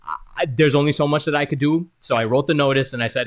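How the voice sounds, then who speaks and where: A man's voice: a little high, fast, highs cut off. A man who works as a property manager, talking casually to camera about his business in a frank, rambling way, with many fillers and restarts.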